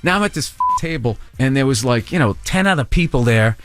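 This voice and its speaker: A man's voice: mid-range voice, brisk. A male comedian spins stories in a radio studio, slipping into quoted voices with loose, profane energy. Faint music sits under his voice. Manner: animated storyteller, acts out quotes, swears. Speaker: comedian guest. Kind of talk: casual radio interview storytelling. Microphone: studio mic.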